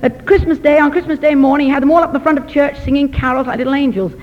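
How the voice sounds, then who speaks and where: A woman with a high voice tells a sermon story, lively and gently self-mocking. The recording is dull and muffled, and a long hall reverb trails behind her words. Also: quick pace. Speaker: missionary doctor and speaker.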